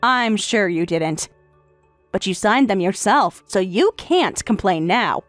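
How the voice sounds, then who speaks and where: A woman voicing a calm, sarcastic wife in a text-message story, speaking in a matter-of-fact way. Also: medium pitch, slow, dry recording, faint music behind. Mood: cool, sarcastic. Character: calm, sarcastic wife who has left her husband.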